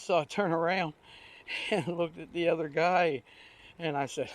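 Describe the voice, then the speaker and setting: A slightly high, steady voice, a touch slow, belongs to an older vlogger out on a recumbent trike. He rambles through folksy anecdotes in homespun speech as he rides, chatting casually.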